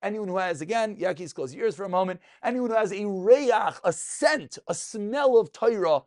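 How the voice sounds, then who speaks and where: A man teaching a lively Talmud class to students in a room, asking and answering his own questions and joking along the way. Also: high-pitched, moderate pace. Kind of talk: lively spoken Torah class.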